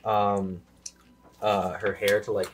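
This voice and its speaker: A man narrating as game master of a tabletop game, improvising his descriptions with many pauses and fillers. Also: on the low side, little pitch movement. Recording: noisy recording.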